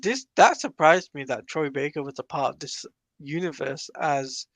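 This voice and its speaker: This sleepy man is co-hosting a podcast and earnestly defending his view on continuity. His voice sits slightly high. It sounds dry and close, with no room sound. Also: moderate pace, fairly bright tone, no room sound. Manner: earnest, insists on his points about continuity. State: sleepy, yawning early in the morning. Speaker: podcast co-host. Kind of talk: casual discussion of a comic-book film.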